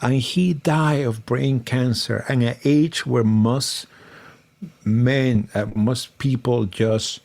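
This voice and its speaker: A man co-hosting a podcast. He talks about politics in a loose, animated way, swears freely and acts out what others said. His voice sits at an ordinary middle pitch. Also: slow pace, gravelly. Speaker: podcast co-host. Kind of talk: casual political chat.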